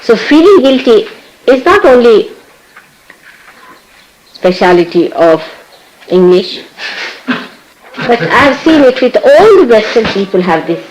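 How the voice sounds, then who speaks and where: A woman speaking as a spiritual teacher to her followers. She scolds gently, laughs often and acts out other people's words. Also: a little high, very animated, slow pace, pauses often, a little hiss or hum, rough recording.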